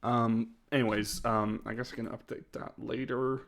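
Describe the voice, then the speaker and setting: A man talks loosely on a live stream, working through a ranking of his own videos. He hesitates and restarts often, breaking into short laughs, and his voice sits at an ordinary middle pitch. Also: flat delivery, normal speed, a bit bright. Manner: rambling and hesitant, with frequent laughs. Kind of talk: casual live-stream chat.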